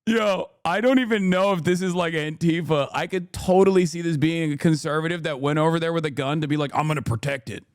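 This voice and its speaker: Excitable, mocking male streamer. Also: on the high side, brisk, few pauses, no room sound, clean studio sound. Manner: animated and mocking, with sudden incredulous outbursts. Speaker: livestream host. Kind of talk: live streamer reacting to news.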